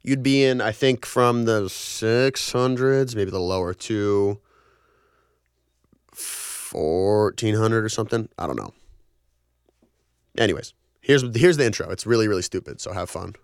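A man's voice: lowish voice, a little slow, long pauses, clean tone, dry recording. A young man in his twenties hosting a college radio show in a small studio, rambling and apologizing in a casual way. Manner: apologetic, rambling, self-deprecating. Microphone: studio microphone.

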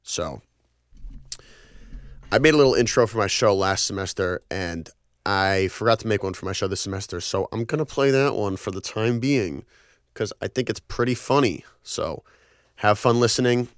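A man's voice: lowish voice, moderate pace, dry recording. A young man in his twenties hosting a college radio show in a small studio, rambling and apologizing in a casual way. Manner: apologetic, rambling, self-deprecating. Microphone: studio microphone.

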